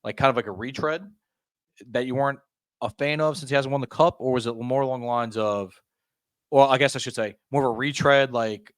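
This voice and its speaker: A man's voice: medium pitch, brisk, clean tone, no room sound, studio quality. A man co-hosting a casual sports podcast, talking conversationally and asking long, probing questions. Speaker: podcast co-host.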